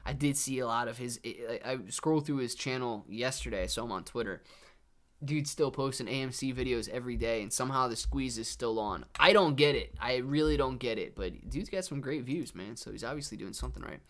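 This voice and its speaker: This young man hosts a laid-back live stream, reading chat aloud and dropping "dude" and "man" into every sentence. He speaks fairly quickly in a mid-range, fairly bright voice.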